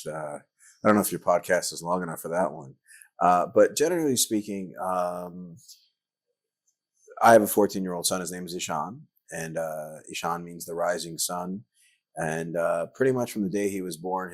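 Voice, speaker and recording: A man's voice: low voice, no echo. A middle-aged man, a guest on a podcast interview, telling rambling anecdotes full of filler words. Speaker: guest, actor and filmmaker.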